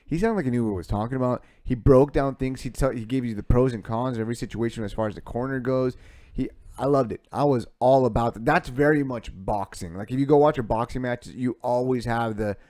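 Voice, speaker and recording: An excitable man co-hosting a podcast in loose, casual chat. He swears freely and gushes about what he likes. His pitch sits in the ordinary middle range for a man. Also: brisk. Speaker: podcast co-host.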